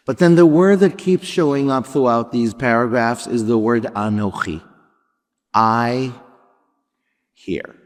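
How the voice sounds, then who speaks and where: Rabbi preaching in a reverberant hall. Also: male voice, mid-range voice. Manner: reflective, dramatic pauses and shifting volume. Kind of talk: sermon with storytelling. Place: large sanctuary before a congregation. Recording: long reverb of a large hall.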